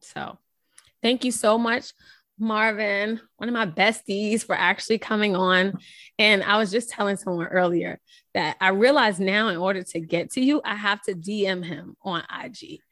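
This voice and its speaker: A woman's voice: mid-range voice, steady tone, normal speed, a bit bright, no room sound, clean studio sound. A woman therapist hosting a podcast, chatting casually, encouraging and laughing often. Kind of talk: casual chat.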